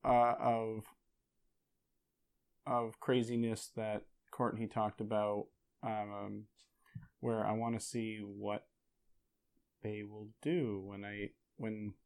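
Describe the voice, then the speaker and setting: A man playing in a tabletop game, talking in a hesitant, halting way. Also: fairly low pitch, a little mellow. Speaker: player. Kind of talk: casual tabletop game chat.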